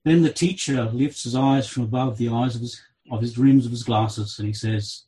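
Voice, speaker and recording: A man preaching an expository sermon, reading scripture aloud with a dramatic delivery that swings between loud and soft. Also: low-quality recording. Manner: dramatic, slow delivery with wide swings in pitch and loudness.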